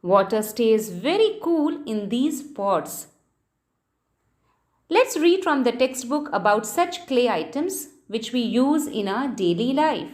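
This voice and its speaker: A woman with an Indian English accent teaching a lesson to children, speaking slowly and patiently and spelling words out letter by letter. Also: fairly high pitch, very animated, darkish tone. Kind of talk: scripted classroom lesson for children.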